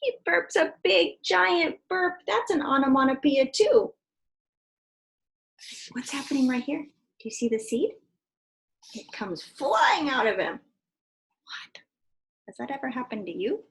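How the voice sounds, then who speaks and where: Reading a picture book to young kids, a woman teacher brings it to life and stops now and then to ask them questions. She speaks high and a little slowly, with vocal fry and long pauses.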